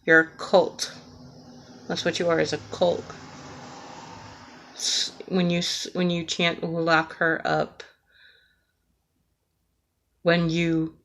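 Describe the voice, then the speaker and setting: An American woman rants earnestly in a slow, unhurried delivery, her pitch staying flat and even. She sounds emotional, close to tears, and stumbles through fillers and restarts. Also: slight background noise. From United States. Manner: earnest, impassioned, with hesitant fillers. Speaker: vlogger. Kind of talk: emotional political rant.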